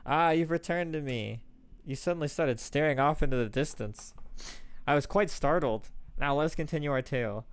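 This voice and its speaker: A man's voice: a little high, moderate pace, clear, resonant tone, dry recording, close to an everyday voice. A man reading as a formal female storyteller. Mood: measured.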